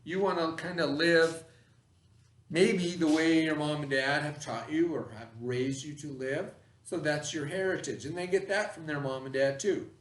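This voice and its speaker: A man's voice: fairly high pitch, moderate pace, recorded from a distance, a little hiss or hum. Man teaching a class, echoey room. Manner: patient, checks in with "okay?" and "right?". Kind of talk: classroom lesson to children. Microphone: camera across the room.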